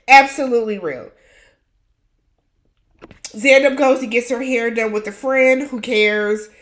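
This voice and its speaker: A woman's voice: a little high, measured pace, fairly bright tone. A woman host giving a casual, opinionated recap of a reality show, blunt and full of slangy asides.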